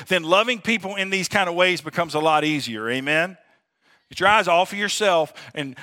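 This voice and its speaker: Man, pastor preaching a sermon, high voice, bright tone, chatty delivery with frequent calls for amens. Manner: conversational, calls for amens and addresses listeners as friends.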